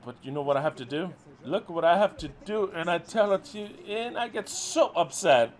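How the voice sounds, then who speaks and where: At normal speed and with animation, a middle-aged ministry leader tears into his followers using coarse, irritated language. He shifts back and forth between loud eruptions and under-the-breath mumbling.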